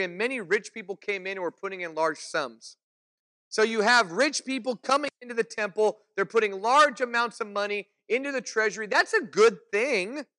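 A man's voice: high voice, sharp tone. A man preaching a sermon in a conversational way, explaining and asking the listeners questions.

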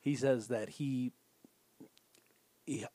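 A man's voice: medium pitch, steady tone, drawn-out words, warm tone, dry recording. A man casually recapping a show's plot step by step with a co-host.

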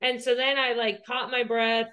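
A woman's voice: fairly high pitch, little pitch movement, moderate pace, bright, forceful tone. A woman co-hosting a podcast, telling a personal story in a rambling, profane way, full of "like". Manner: profane, rambling, heavy use of "like". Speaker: podcast co-host.

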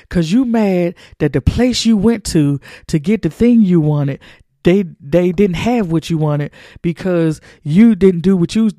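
A man's voice: high-pitched, mellow, no echo, clean studio sound. A man hosting a podcast, preaching a monologue in an emphatic, colloquial, repetitive cadence. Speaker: podcast host.

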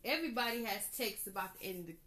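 A woman in her thirties from Georgia hosting a casual solo podcast, chatty and animated, laughing often. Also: mid-range voice, fast. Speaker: podcast host.

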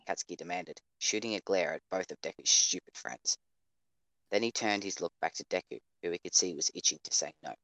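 A man narrating an audio drama in a measured, steady storytelling manner. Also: deep voice, no echo. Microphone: home microphone over voice chat.

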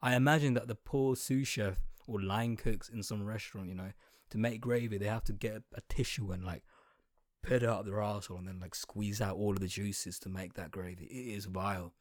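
A man's voice: on the low side, fairly even intonation, a little fast, no echo. Brief: a man from outside Britain, a profane comedic ranter with a dry, close sound. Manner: exaggerated, swearing, talks straight to the listener. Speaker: comedic commentator.

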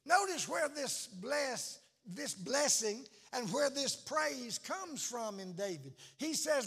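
A man preaching a sermon, shouting and chanting phrases in a slow, drawn-out, impassioned way. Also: very high voice, very animated, vocal fry, breathy edge. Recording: echoey hall.

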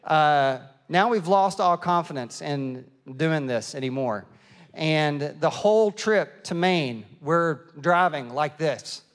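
A middle-aged man preaching a sermon and telling a lively, self-mocking story, acting out the people in it. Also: fairly high pitch, slow. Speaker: pastor. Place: church auditorium. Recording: long hall reverb.

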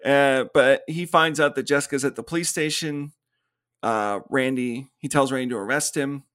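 A man's voice: medium pitch, fairly even intonation, moderate pace, fairly bright tone, clear, resonant tone. A man co-hosting a podcast, recapping a movie's plot in casual chat, acting out the characters' lines and laughing often. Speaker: podcast co-host. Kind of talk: casual film review chat.

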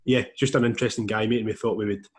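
A man's voice: on the low side, steady tone, very fast. A man hosting a podcast, opening with casual chat and introducing his guest with plenty of fillers and friendly slang. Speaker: podcast host.

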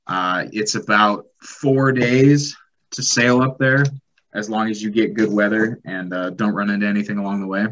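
A man acting as game master of a tabletop role-playing game, calmly explaining rules and the world. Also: on the low side, normal speed, muffled recording, a little hiss or hum.

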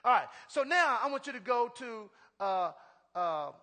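A middle-aged man preaching in a very high, bright voice that rings with a long reverb through a large hall. He reads scripture with rising emphasis and keeps calling out to the congregation for responses. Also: measured pace. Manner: animated, call-and-response with congregation. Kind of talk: sermon.

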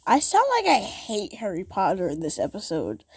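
A woman's voice: mid-range voice, huge pitch swings, normal speed, breathy edge, no echo, clean studio sound. A woman hosting a podcast in a casual, self-mocking, rambling way. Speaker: podcast host.

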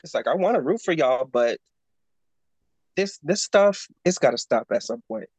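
A man's voice: on the high side, expressive, normal speed, darkish tone, breathy edge, dry recording. Sassy storytelling podcast co-host man. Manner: sassy storyteller, playful slang. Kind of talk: casual pop culture chat.

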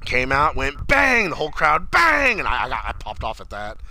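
A young man in casual chat, excitable and swearing often, acting out quotes in loud bursts. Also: mid-range voice, brisk, slight background noise. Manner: excitable, swears a lot, acts out quotes loudly. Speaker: podcast co-host.

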